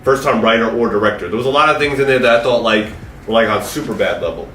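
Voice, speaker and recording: A man's voice: on the low side, fast talker, pushed and bright. A man casually reviewing a movie with friends, rambling with lots of fillers. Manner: loose, rambling, many fillers. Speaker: podcast co-host. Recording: echoey room, distant mic, faint noise.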